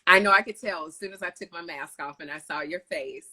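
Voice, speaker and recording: A woman hosting a casual live video chat, telling lively stories over a video call. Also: fairly low pitch, brisk, crowd noise. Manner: animated storytelling, lively retellings. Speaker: host.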